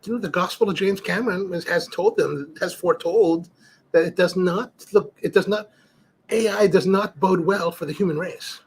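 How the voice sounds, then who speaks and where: With a husky, high voice at normal speed, a middle-aged man runs a cigar livestream. He chats casually, reads comments from viewers and rambles through stories, often restarting and using fillers.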